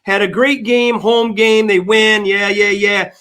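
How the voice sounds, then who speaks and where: A man's voice: high voice, fairly even intonation, measured pace, bright, forceful tone, clear, resonant tone. An older man co-hosting a sports podcast, rambling and repeating himself as he banters and tells stories. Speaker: podcast co-host.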